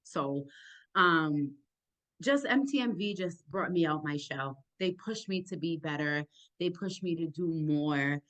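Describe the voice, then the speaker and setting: Brief: young woman podcaster, low deep voice, thick accent, eager and animated, talks in quick bursts. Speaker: sports podcaster and journalist. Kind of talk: casual interview answers.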